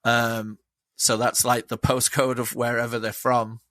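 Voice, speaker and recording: A man's voice: medium pitch, little pitch movement, unhurried, fairly bright tone, no room sound. A man chatting as a podcast guest, enthusiastic and rambling, swearing freely. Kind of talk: casual chat.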